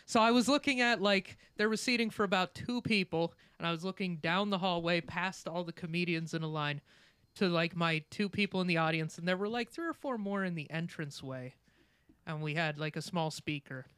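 Male comic co-host, high smooth voice, dry mic, rambling delivery. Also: fairly quick, fairly bright tone, no room sound. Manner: rambling, many "like" fillers. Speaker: comedian podcast co-host. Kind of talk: casual chat.

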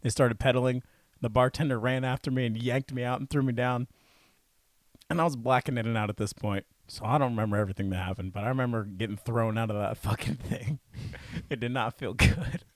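A young man in his twenties, a podcast co-host, telling animated, rambling stories in casual chat. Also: mid-range voice, fairly quick, no echo, clean studio sound. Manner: rambling, animated anecdotes with put-on quotes.

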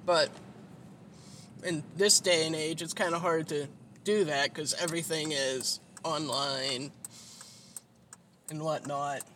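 Tired, slow-talking man in a car. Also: fairly high pitch, fairly even intonation, bright, forceful tone. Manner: rambling, swears often, many fillers. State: sleepy and tired. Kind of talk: casual rambling monologue. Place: inside a car while driving. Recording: road and engine noise in a car. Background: vehicle noise.

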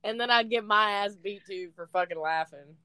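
A young woman co-hosting a podcast, talking loosely in slang and swear words and breaking into laughter often. Her voice is mid-pitched, and it is recorded close and dry with no echo. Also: normal speed, bright, forceful tone, clear, resonant tone. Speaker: podcast co-host. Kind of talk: casual chat.

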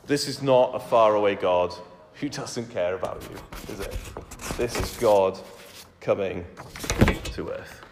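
A man, a church elder preaching a sermon in a conversational way, asking rhetorical questions and dropping to soft, intimate tones. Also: lowish voice, a little slow, long pauses, a little hiss or hum. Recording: echoey hall with long reverb.

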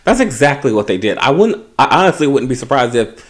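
A man co-hosting a podcast in casual chat, recapping reality TV with dry quips and quick agreement. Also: medium pitch, very animated. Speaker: podcast co-host.

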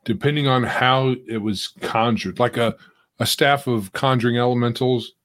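A man's voice: mid-range voice, fairly even intonation, moderate pace, a bit bright. A man co-hosting a casual tabletop game podcast over a video call, laid-back with brief replies. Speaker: podcast co-host.

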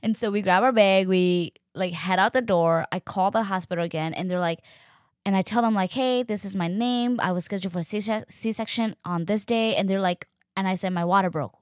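A young woman casually telling her own story, chatty and animated, acting out what others said. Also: a little fast, no echo, studio quality. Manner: chatty, animated, acts out quoted voices with pitch jumps. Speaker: podcast host sharing her birth story.

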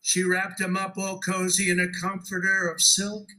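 A man's voice: high-pitched, monotone, normal speed, sharp tone, soft background music, poor audio. A man giving a speech, reciting a poem emphatically and repeating his phrases. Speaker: political speaker.

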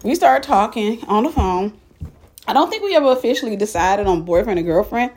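Husky-voiced woman telling a story. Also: medium pitch, animated, a little fast, darkish tone. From Mississippi. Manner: candid, frank, addresses listeners directly; walking up stairs while talking. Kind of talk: casual personal storytelling.

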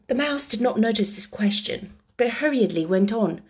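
Animated woman reading a storybook. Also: on the high side, moderate pace, few pauses, slightly rough. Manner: expressive, animated. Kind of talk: storybook read-aloud.

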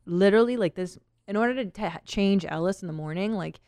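A woman's voice: medium pitch, moderate pace, darkish tone, clean tone, dry recording. A woman in her thirties hosting a podcast, chatting casually and rambling, laughing often. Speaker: podcast host. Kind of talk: casual chat.

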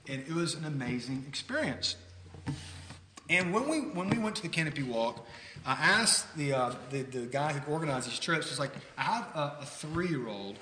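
Man, pastor, animated storytelling sermon, frequent restarts, bright tone, roomy hall with long reverb. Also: fairly high pitch, moderate pace, slight background noise. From United States.

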